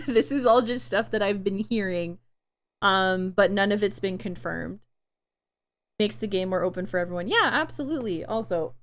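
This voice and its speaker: A young adult woman streamer in casual live-stream chat, chatty and giggly, rambling with fillers, her throat tired from talking. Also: medium pitch.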